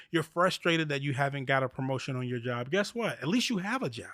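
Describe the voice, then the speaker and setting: Man, motivational podcast host, high voice, bright edge, preachy repeats. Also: no room sound, studio quality. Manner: animated, preachy, repeats phrases. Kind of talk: motivational faith talk.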